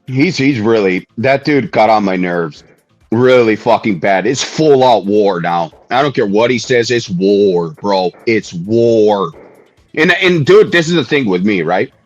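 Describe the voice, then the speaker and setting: A man's voice: lowish voice, animated, unhurried, dry recording, dull audio, soft background music. A man ranting angrily on a livestream, profane and heated, hammering the same jabs over and over. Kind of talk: angry livestream rant. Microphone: streaming mic.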